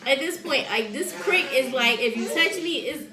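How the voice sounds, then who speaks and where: A woman's voice: high-pitched, normal speed, echoey room, a crowd in the background. A woman telling a story in a casual chat, laughing often and acting out what people said. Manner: animated, laughs often, acts out quotes. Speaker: host.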